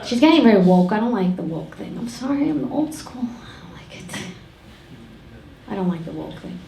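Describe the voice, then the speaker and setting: A middle-aged woman performing a stand-up comedy set on a club stage, deadpan and brash with crude punchlines. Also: on the high side, fast, vocal fry, crowd noise. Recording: echoey room, loud audience noise.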